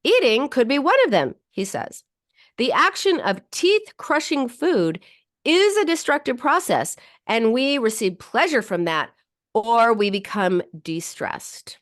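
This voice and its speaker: A woman psychologist hosting a radio talk show and chatting with a livestream audience. She talks loosely, with restarts and fillers, and leaps up in pitch when she acts out people's inner thoughts. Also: a little slow. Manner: animated, jumps higher when voicing inner thoughts.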